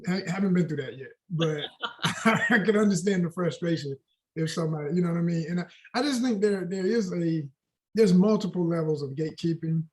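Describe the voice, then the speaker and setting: A man in his forties, a guest actor chatting in an interview, telling animated stories with a lot of casual slang. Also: high voice, brisk. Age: 40s. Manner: animated storyteller, slangy and expressive.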